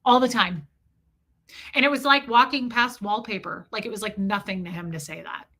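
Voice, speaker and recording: A woman's voice: mid-range voice, moderate pace, bright, forceful tone. A woman hosting a livestream, telling a personal story with emphasis and greeting her chat along the way. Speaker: livestream host.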